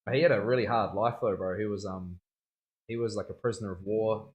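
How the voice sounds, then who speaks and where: A man's voice: fairly low pitch, steady tone, brisk. A man, a tattoo artist chatting casually on a livestream, slangy and rambling, often laughing. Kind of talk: casual chat.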